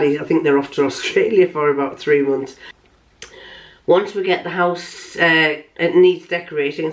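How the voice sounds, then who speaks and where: An older woman vlogging, chatting casually in a rambling way with many restarts. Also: sits low. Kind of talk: casual chat.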